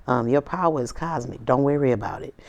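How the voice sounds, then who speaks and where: A woman's voice: very deep voice, a little fast, highs cut off. Emphatic, slangy woman giving a tarot reading. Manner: emphatic, slangy, preachy, with sassy asides. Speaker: tarot reader. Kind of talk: casual spiritual tarot reading to camera.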